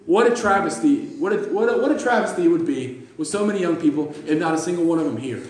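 High-voiced preacher in echoey hall. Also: male voice, animated, fast, a little mellow. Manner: emphatic, repeats phrases and restarts, reads scripture in old wording. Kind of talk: sermon.

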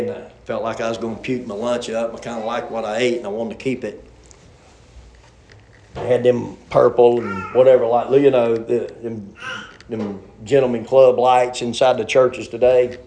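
A man's voice: mid-range voice, mellow, slight background noise. Man preaching in an echoey church. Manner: folksy, rambling preaching with repeated restarts. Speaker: pastor. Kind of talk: sermon. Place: church sanctuary.

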